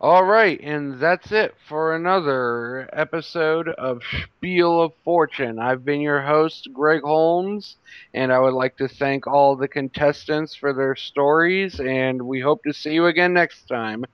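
A man speaks slowly and hesitantly, filling his sentences with fillers as he hosts a segment in casual podcast chat. His voice is smooth and clear, and the sound is dry. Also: on the high side, no room sound, highs cut off. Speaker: game segment host.

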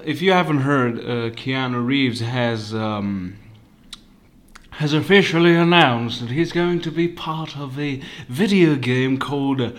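A man hosting a podcast on his own from his living room, rambling and swearing, jumping between loud bursts and hushed asides. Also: mid-range voice. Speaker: podcast host. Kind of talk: casual rant.

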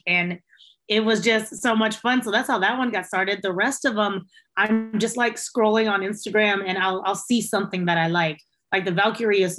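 A woman in casual conversation, a guest on a chat show who works in a restaurant kitchen. She tells her stories with animation and leaps up high when she acts out what others said. Her voice sits at a middle pitch for a woman. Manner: animated storyteller, voices quotes in a much higher pitch. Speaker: interview guest, restaurant cook.

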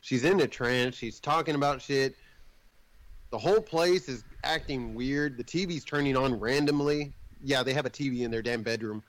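A man's voice: mid-range voice, moderate pace, no room sound, poor audio. A man casually recapping a movie plot in a rambling way, swearing now and then and jumping in and out of the characters' voices.

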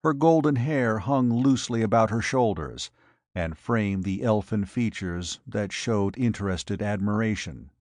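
A man reading an adventure story aloud in a measured, dramatic way. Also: fairly low pitch, lively intonation, a little mellow, no room sound. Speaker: audiobook narrator. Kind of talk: scripted narration.

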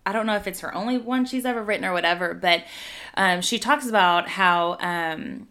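A woman's voice: mid-range voice, moderate pace, sharp tone. A woman in her thirties from Texas with a Texan accent, talking earnestly and emotionally as a guest in a casual interview. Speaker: guest writer.

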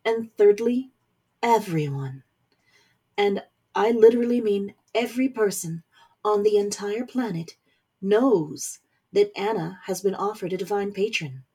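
A woman voicing a stern, powerful middle-aged mother who is a warlock general, speaking forcefully with scorn. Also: mid-range voice, unhurried, slightly rough. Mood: stern scornful. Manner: forceful, scornful, rising to anger.

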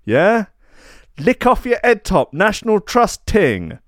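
A man doing a swaggering roadman shout-out. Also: high-pitched, sing-song, extremely slow, no room sound, studio quality, voice pushed up, full character voice. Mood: hyped. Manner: street slang, hyped shout-outs. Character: swaggering young male roadman, National Trust fan.

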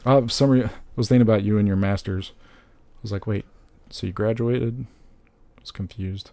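Gravelly, joking man on a podcast. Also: on the low side, brisk, no room sound. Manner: animated, joking, laughs often. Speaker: podcast co-host. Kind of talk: casual chat.

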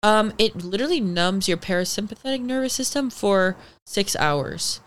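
A young woman with a smooth, clear voice and a middling pitch. She is a guest chatting casually on a podcast. She tells her stories in an animated way, swears a lot, and leans on "like.". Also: normal speed. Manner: animated storytelling, heavy swearing and "like" fillers; acts out the people in her story. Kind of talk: casual interview chat.

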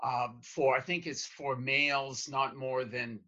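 A man's voice: mid-range voice, steady tone, measured pace, sharp tone. A male podcast host who speaks hesitantly, with stammering starts. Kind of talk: podcast conversation. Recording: dull lo-fi sound.

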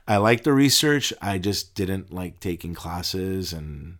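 A middle-aged man telling stories in a casual interview, a little low-pitched in his ordinary talk. He stumbles over his words, laughs, and his voice jumps up high whenever he gets excited. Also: unhurried, few pauses. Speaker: interview guest, deacon and pharmacist.

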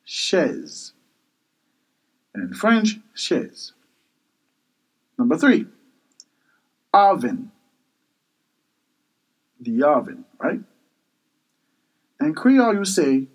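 A man's voice: high voice, very animated, extremely slow, pauses often, breathy edge, poor audio. A man teaching kitchen vocabulary, patiently repeating each word several times and spelling words out for learners. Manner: self-correcting and spelling words out. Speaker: language teacher.

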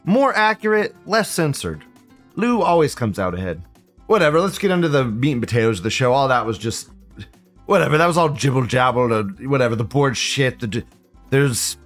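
Animated, crude male live-show host. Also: medium pitch. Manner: profane, mocking, rambling. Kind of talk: casual live commentary.

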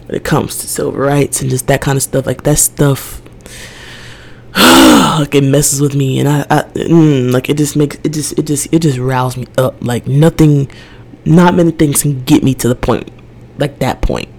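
A woman's voice: very deep voice, normal speed, creaky, darkish tone. A young woman hosting a podcast, speaking in a casual personal monologue that is emotional and rambling, with a lot of "like". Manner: emotional, rambling, heavy use of "like". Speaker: podcast host.

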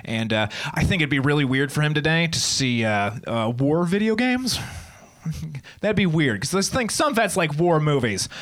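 A man's voice: on the high side, expressive, moderate pace, a bit bright. A man in his twenties doing a stand-up set, with a wry, meandering, self-deprecating delivery. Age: 20s. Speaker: stand-up comedian.

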